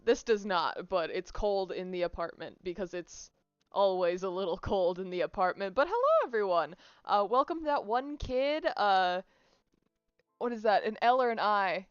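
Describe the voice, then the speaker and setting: A woman's voice: fairly low pitch, clear, resonant tone, no room sound. Rambling young woman streaming at home. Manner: rambling, self-mocking, quick asides. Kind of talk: casual stream chat. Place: apartment room. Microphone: desk microphone. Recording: dry, dull lo-fi sound with faint music.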